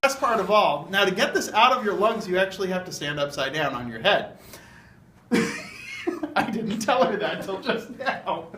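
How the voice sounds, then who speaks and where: A man's voice: sits high, animated, moderate pace, pushed and bright. A man casually explaining a science demonstration to the camera, chatty and full of fillers. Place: university lab room. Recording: echoey room, some background noise.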